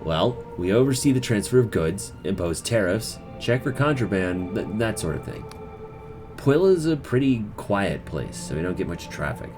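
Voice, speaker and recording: A man voicing a sardonic woman harbor master in a fantasy game, speaking in a dry, grumbling, unhurried way. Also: fairly low pitch, very animated, over music.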